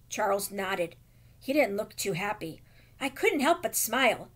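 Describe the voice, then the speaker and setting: High-voiced woman reading a storybook aloud. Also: moderate pace. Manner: expressive storytelling, dramatic emphasis. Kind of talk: reading a children's novel aloud.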